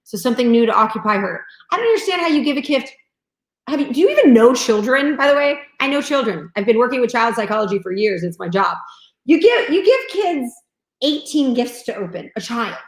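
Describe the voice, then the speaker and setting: A woman chatting casually about movies, animated and acting out scenes as she tells them. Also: a little high, a little fast. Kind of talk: casual chat. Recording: echoey room.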